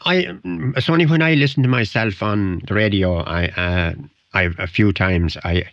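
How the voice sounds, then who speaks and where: This is a guest on a 1990 radio interview: an older man from Ireland whose Wicklow accent colors his rambling, chuckle-filled anecdotes. He speaks at a normal speed in a fairly low pitch. The studio recording sounds dry and dull, without echo.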